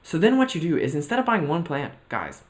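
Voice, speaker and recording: A man coaches on mental health in a motivational vlog, earnestly reflecting on himself and checking in with "right?" and "okay?". He blends personal anecdotes with an extended analogy. His voice is a little high with big pitch swings, and he speaks briskly.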